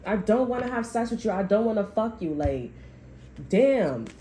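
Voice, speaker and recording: A woman's voice: mid-range voice, animated, moderate pace, warm tone, a little hiss or hum, poor audio. A woman tarot reader delivering a blunt, heavily profane, heated rant about what spirit is telling her. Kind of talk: channeled reading rant.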